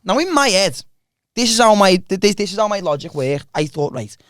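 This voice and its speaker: A man's voice: high-pitched, big pitch swings, a little fast, fairly bright tone, no echo, clean studio sound. A young man, joking and teasing in casual podcast banter. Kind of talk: casual chat.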